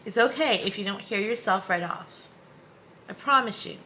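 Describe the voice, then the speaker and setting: Bright-voiced woman coaching a meditation. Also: medium pitch, moderate pace, slight background noise, low-quality recording. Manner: encouraging, reassuring, addresses viewers by name. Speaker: spiritual coach. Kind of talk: live guided meditation lesson.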